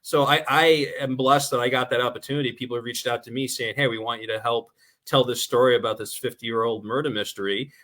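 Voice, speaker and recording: A man with a New York accent talks fast through his stories, his voice nasal and bright with a forceful edge. He chats as a guest on a talk show, animated and quick. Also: mid-range voice. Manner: fast-talking, animated storyteller. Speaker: guest filmmaker. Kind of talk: casual talk-show chat.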